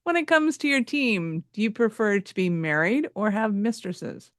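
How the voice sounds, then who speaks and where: A woman podcast co-host asking quick-fire questions in a playful way. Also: medium pitch, animated, no room sound, studio quality. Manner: playful, laughs easily.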